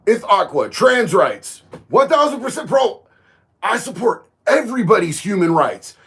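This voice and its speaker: High-voiced man on a livestream. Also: a little slow. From Florida. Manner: animated, rises loud and emphatic on opinions. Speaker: livestream host. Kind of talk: casual livestream chat reading comments.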